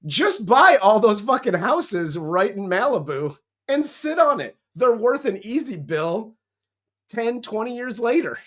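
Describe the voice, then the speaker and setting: A man's voice: sits high, big pitch swings, measured pace, fairly bright tone. A man co-hosting a movie review, retelling the plot in a casual, profane, joking way. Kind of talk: casual comedic film recap.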